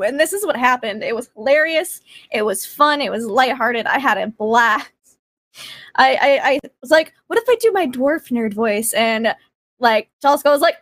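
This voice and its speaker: A woman's voice: high-pitched, lively intonation, normal speed, a bit bright, dry recording. A woman player chatting casually and bubbly over a video call about a tabletop session. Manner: bubbly, giggly. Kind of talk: casual chat.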